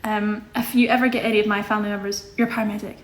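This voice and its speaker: A woman's voice: mid-range voice, level tone, racing. A woman in her twenties from Scotland, chatting casually on a livestream as host, rambling and correcting herself as she reads comments. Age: 20s. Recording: echoey room.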